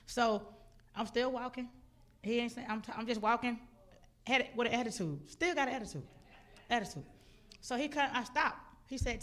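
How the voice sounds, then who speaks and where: A woman preaching a personal testimony from a church stage. Her voice sits a little high, and she tells the story with animated, expressive delivery, acting out her own outbursts. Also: brisk. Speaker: guest speaker. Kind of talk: testimony sermon. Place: church sanctuary.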